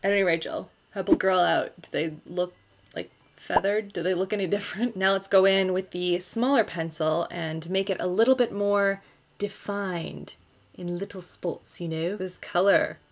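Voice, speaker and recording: A woman's voice: lowish voice, moderate pace. A young woman in her twenties chatting casually as she tries out makeup, bubbly and thinking aloud, recorded on a camera at home. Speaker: beauty YouTuber. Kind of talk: casual makeup tutorial chat. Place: home filming setup, indoors.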